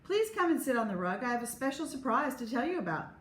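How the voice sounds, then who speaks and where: A woman voicing a calm, firm first-grade teacher. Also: a little high, fast talker, pitched above the performer's own voice. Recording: echoey room, faint hum.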